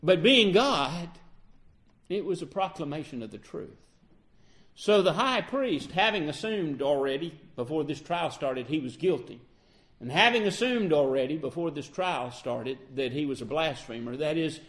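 Animated preaching man. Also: fairly high pitch, moderate pace. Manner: animated preaching, acts out quoted dialogue. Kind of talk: sermon.

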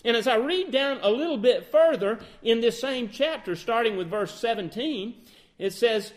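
A man preaching a sermon, asking questions and answering them, swinging between loud emphatic outbursts and quiet, low phrases. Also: expressive, normal speed.

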